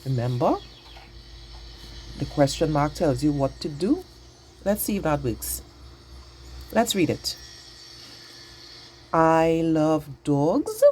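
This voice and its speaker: A woman teaching a patient, exaggerated grammar lesson to young children, speaking slowly and clearly. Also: deep voice, expressive, dark tone, slight background noise.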